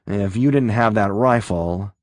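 A man's voice: lowish voice, measured pace, no room sound, close to an everyday voice. A man doing a wary, bewildered fugitive.

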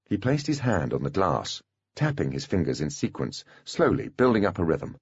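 Man, audiobook narration, expressive, very lively intonation, dull dry lo-fi sound. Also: a bass voice, moderate pace, breathy edge, dry recording. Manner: expressive storytelling.

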